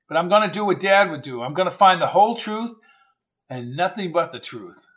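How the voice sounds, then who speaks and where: A man's voice: sits high, animated, fairly quick, fairly bright tone. A man reading an audiobook, voicing a young coach mourning his father who speaks earnest and resolute.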